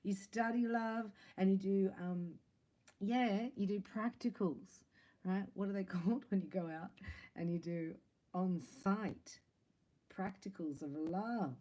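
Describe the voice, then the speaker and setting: A woman's voice: medium pitch, takes it slowly, warm tone, rough recording. A woman giving a casual spiritual reading to her viewers, chatty and playful, laughing between lines. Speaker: psychic tarot reader.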